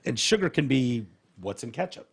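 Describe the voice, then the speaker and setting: A podcast host in casual chat, teasing and jumping in with short, quick remarks. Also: male voice, mid-range voice, big pitch swings, creaky, husky.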